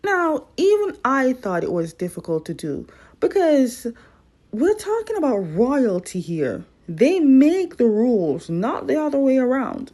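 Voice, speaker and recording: A woman's voice: sits high, very animated, a little slow, dark tone. A woman recapping a drama episode in a chatty, playful way, talking straight to her viewers.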